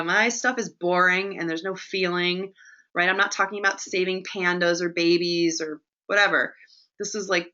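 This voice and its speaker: A woman leads a webinar lesson in a bright, forceful voice. She talks in a lively, chatty way and keeps checking in with her listeners. The audio is slightly dull and lo-fi. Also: mid-range voice. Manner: lively and chatty, often asks "right?". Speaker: presentation coach hosting a webinar. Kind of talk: webinar teaching.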